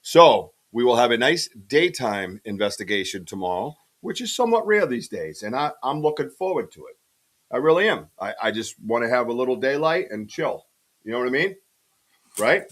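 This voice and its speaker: A man hosting a casual podcast livestream from his home studio, talking in an excitable, rambling way and giving shout-outs to the chat. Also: mid-range voice, normal speed. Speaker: podcast host.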